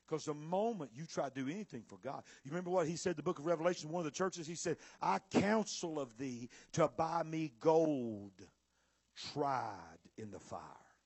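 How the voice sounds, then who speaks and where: A man preaches a sermon, rising into shouts and slowing down to press his points. His voice sits very high and sounds husky. It swings widely in pitch, and the sound is close and dry. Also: no room sound. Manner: preaching with shouts and drawn-out emphasis. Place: church or conference hall with audience.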